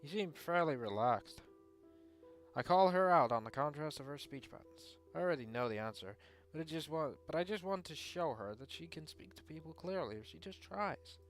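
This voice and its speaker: A man reads a visual novel aloud, mixing in joking, teasing remarks and frequent swearing. His voice sits slightly high for a man. Faint music plays behind him. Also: expressive, moderate pace. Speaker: let's player reading a visual novel. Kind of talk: casual gaming commentary with narration.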